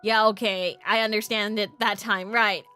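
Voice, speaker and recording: Playful woman streamer, bright voice. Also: mid-range voice, level tone, moderate pace, clean tone, soft background music. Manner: playful, chatty. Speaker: streamer playing a game. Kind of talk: reading game dialogue and chatting.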